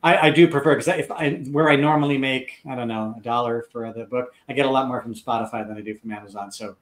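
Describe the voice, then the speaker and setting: A middle-aged man, a podcast guest and author, chatting casually and telling stories with lively acted-out quotes. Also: medium pitch, fast. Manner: animated storyteller acting out quoted voices. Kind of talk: casual chat.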